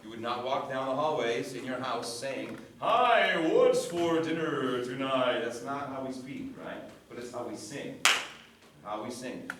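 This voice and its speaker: A male vocal coach leads a chorus rehearsal, explaining technique and checking in with the singers. His voice comes from well away from the microphone, in a very echoey room with steady noise in the background. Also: medium pitch, normal speed. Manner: instructive, checks in with "right?". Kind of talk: choir coaching session. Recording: echoey room, distant mic, noisy.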